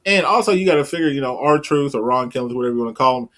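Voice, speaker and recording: A man's voice: medium pitch, animated, rapid-fire, a bit bright. A man co-hosting a podcast, talking loosely with frequent fillers. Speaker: podcast co-host. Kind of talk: casual wrestling commentary.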